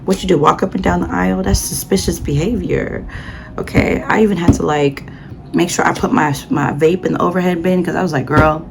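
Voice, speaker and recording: A young adult woman telling a casual travel story in a chatty, animated way, full of slang and dramatic asides. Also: lowish voice, fairly quick, gravelly, background noise. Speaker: vlogger.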